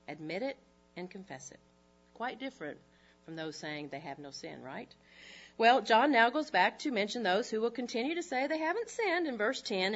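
Lively middle-aged woman teaching the Bible. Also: mid-range voice, dull audio. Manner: lively, conversational, with rhetorical questions. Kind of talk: Bible teaching to a women's group. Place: room with a live audience.

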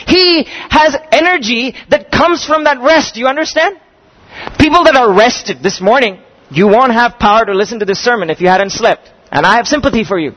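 A man preaching a sermon to a congregation, speaking emphatically, slowing down on key phrases and putting questions to his listeners. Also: very high-pitched, animated, a bit bright, muffled recording.

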